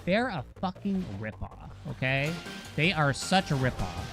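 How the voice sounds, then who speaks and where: A man's voice: on the high side, big pitch swings, a little slow. A man from Massachusetts with a Boston accent, streaming a game and chatting loosely with viewers, joking and swearing freely. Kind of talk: casual gameplay chat with viewers. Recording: game music playing behind.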